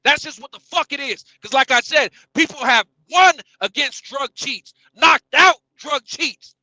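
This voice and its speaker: A man hosting a boxing podcast, ranting loudly and profanely in a heated debate, shouting at his co-hosts. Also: extremely high pitch, a little slow, dry recording, poor audio. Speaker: podcast host. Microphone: streaming podcast mic.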